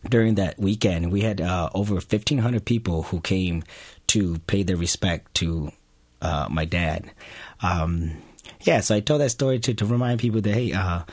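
A man telling a personal family story to an audience, earnest and halting, often restarting his sentences. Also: sits low, no room sound.

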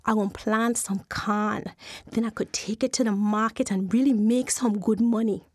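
A woman's voice: medium pitch, steady tone, moderate pace, no echo, pitched below the performer's own voice, lightly acted. A woman voicing a cheap, boastful island man who talks to himself scheming.

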